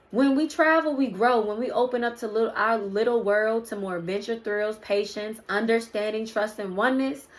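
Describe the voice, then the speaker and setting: A woman doing a casual spiritual card reading, preaching to her viewers and calling them "y'all" and "baby". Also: fairly high pitch. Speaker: spiritual reader.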